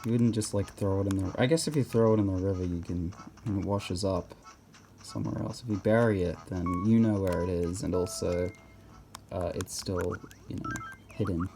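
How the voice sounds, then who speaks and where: A man's voice: low voice, fairly even intonation, normal speed, warm tone. A man giving casual gameplay commentary, rambling and hesitant with many restarts.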